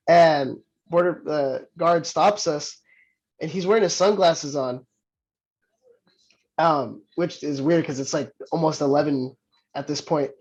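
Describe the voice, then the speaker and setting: A man from Southern California, a pro wrestler guest, telling a story in casual chat, animated, laughing often and restarting his sentences. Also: on the high side. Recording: muffled lo-fi sound.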